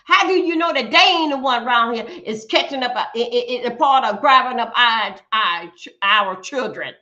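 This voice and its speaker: A woman's voice: a little high, expressive, moderate pace, pushed and bright, lo-fi sound. A woman hosting a livestream, giving blunt, profane ranting commentary and often stumbling over repeated words. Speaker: livestream host.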